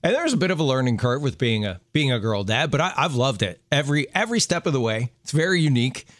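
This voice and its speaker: A man's voice: mid-range voice, animated, fast talker, fairly bright tone, dry recording. A man in his fifties hosting a radio show, talking in an earnest, friendly way. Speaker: radio host. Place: radio studio.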